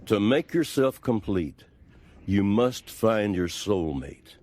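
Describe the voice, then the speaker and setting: A man voicing a solemn male coyote spirit guide in a cartoon, speaking slowly and gravely. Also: lowish voice, sing-song, darkish tone. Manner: slow, grave, deliberate delivery. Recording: clip played with faint music behind. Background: faint music.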